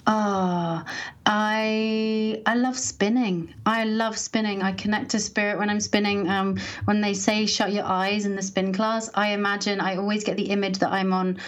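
A woman speaking as a podcast guest, thoughtful and unhurried, with many pauses and fillers. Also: medium pitch, flat delivery. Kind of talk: podcast interview.

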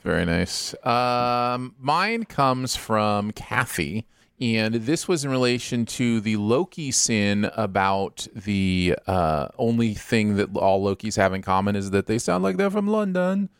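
A man's voice: on the low side, takes it slowly, creaky, smooth, dry recording, clean studio sound. A man co-hosting a podcast, reading out listener comments in a casual, jokey way. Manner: lively, animated, jokey. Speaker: podcast co-host.

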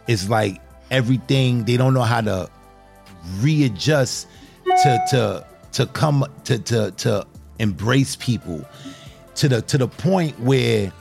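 This show host has a fairly low, creaky, slightly mellow voice. In a casual interview chat he talks earnestly and encouragingly with his guest, calling him brother and often repeating himself.

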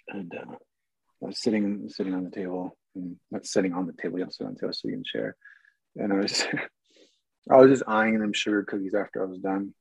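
A man with a gravelly, slightly husky voice tells stories in a loose, rambling way, often stopping to restart his sentences. He sounds amused by his own anecdotes. The recording is dry and a little dull. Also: fairly low pitch, no echo. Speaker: actor guest. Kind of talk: casual storytelling.

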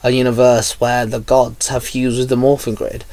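A solemn knight speaks in formal, measured sentences, as a man reads his part. His voice sits in a middle pitch. The sound is dry. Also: little pitch movement, darkish tone, no room sound, lightly acted. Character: solemn male knight, the Silver Morphing Master.

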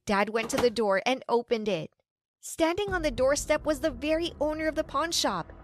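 A woman's voice: high voice, animated, normal speed, noisy background. A woman narrating a first-person story in an earnest, dramatic storytelling manner.

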